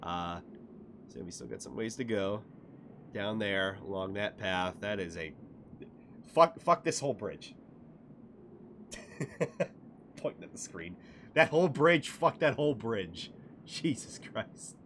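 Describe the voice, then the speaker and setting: A man streaming a video game, giving casual commentary that is profane and excitable, with frequent laughter. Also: on the low side, slow, pauses often, slight background noise.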